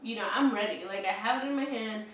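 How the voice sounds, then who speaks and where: A woman's voice: mid-range voice, fast, fairly bright tone. A woman in her twenties telling a story casually, chatty, with lots of "like" and frequent swearing. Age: 20s. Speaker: vlogger. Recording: very echoey room, mic at a distance, faint noise.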